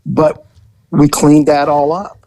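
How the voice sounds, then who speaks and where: A middle-aged man recounts his police days in a loose, casual way, his voice sitting a bit high. He slips into squeaky impressions whenever he quotes someone. The sound is close and dry, with little room. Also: slow, creaky, dry recording, poor audio. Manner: animated, jumps into high-pitched voices when quoting people. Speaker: retired police detective telling stories. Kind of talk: casual storytelling.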